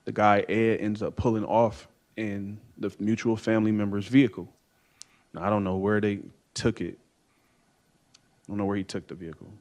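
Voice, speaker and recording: A man in his thirties giving halting courtroom testimony from the witness stand, full of fillers and uncertain pauses. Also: fairly low pitch, little pitch movement, a little mellow. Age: 30s. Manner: halting, hesitant, many fillers and "I don't know".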